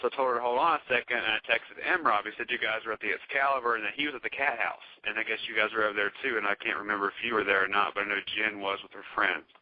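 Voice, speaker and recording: A man's voice: on the low side, steady tone, rapid-fire, hardly any pauses, no room sound. A man with a Southern US accent from North Carolina, rambling through a profane story as a podcast guest. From Charlotte, North Carolina. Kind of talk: casual storytelling chat. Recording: dull, dry podcast audio.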